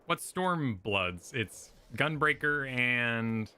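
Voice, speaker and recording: A man's voice: mid-range voice, lively intonation, very slow, sharp tone, clear, resonant tone. A man co-hosting a game stream, laid-back and goofy, laughing through the banter. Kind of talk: casual gaming stream chat.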